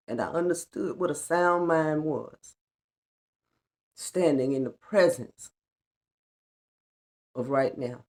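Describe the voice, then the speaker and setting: A woman's voice: deep voice, slow pace, long pauses, darkish tone. A middle-aged woman giving an earnest, colloquial personal testimony on a spiritual vlog, repeating lines for emphasis. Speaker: spiritual vlogger.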